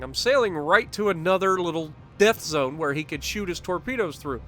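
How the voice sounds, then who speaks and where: A man giving casual commentary over his own gameplay footage, upbeat and quick to chuckle. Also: high voice, pushed and bright, a little hiss or hum. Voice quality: chuckles often, upbeat and talkative. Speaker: gaming commentator.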